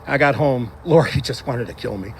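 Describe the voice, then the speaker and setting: A man giving a eulogy for a close friend outdoors at a graveside, telling wry, animated anecdotes and acting out what others said. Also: medium pitch, moderate pace, slight background noise. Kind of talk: graveside eulogy told as funny stories.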